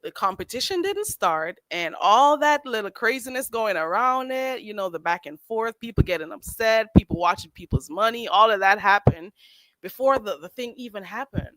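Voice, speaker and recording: A woman hosting a livestream, chatting in a sassy, animated way and laughing often. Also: mid-range voice, normal speed, no room sound. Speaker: livestream host. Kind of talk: casual commentary chat.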